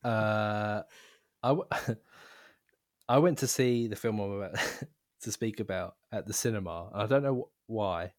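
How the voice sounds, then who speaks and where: Slow, hesitant British man. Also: on the low side, dry recording, studio quality. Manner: hesitant, halting. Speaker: podcast co-host. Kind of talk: casual podcast chat.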